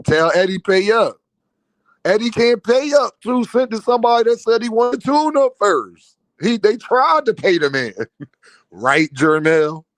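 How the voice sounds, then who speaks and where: A man's voice: very high voice, big pitch swings, moderate pace, dry recording. A man hosting a boxing live stream in casual, slangy talk, laughing often, mocking, and talking to his chat. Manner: laughs a lot, mocking, repeats a running catchphrase.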